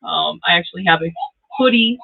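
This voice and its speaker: This middle-aged channel host runs a live tarot reading briskly, her fairly low voice creaky and a little rough. She talks straight to her viewers, chatting and laughing often. The sound is tinny, like a phone.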